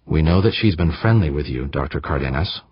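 A man doing a smooth, patronizing woman official. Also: a bass voice, animated, a little fast, no echo, highs cut off, heavily acted. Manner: smooth, patient, condescending.

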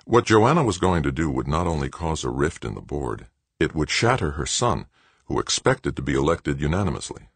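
A man reading a novel aloud as narrator, in a measured, even storytelling manner. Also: a bass voice, gravelly, slightly rough, no echo. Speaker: audiobook narrator. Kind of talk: scripted narration.

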